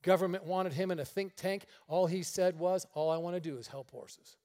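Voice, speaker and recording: A high-voiced male preacher tells his stories from the pulpit. He acts out every exchange, shifting his voice for each person in the tale. The sermon is delivered for a radio broadcast. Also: moderate pace. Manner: animated storyteller acting out dialogue. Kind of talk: sermon storytelling.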